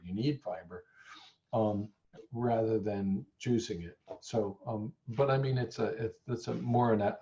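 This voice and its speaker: A man being interviewed as a nutrition scientist, talking in a thoughtful, halting way with a lozenge in his mouth. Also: fairly low pitch, warm tone, highs cut off. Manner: thoughtful, stammers on restarts. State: talking around a throat lozenge. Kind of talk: conversational interview.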